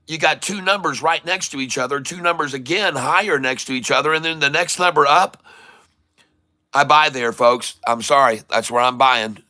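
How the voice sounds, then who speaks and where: A middle-aged man hosting a live day-trading stream, giving excited running commentary and calling out to his viewers as "folks.". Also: fairly high pitch, moderate pace, dry recording, clean studio sound.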